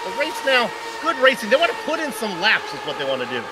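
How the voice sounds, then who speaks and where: A man's voice: high-pitched, huge pitch swings, fast, noisy background. A man co-commentating a sim race, upbeat and joking as he goes through race stats.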